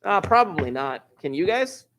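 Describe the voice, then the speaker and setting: Teaching algebra in a live online class, this man has a high-pitched, fairly bright voice with big pitch swings and a moderate pace. He walks through each step, joking and chatting with his students along the way.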